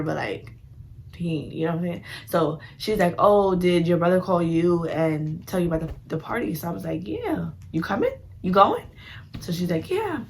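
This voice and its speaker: A woman's voice: lowish voice, darkish tone. A young woman telling a story in a casual, slangy way, full of "like" and acted-out quotes. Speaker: vlogger.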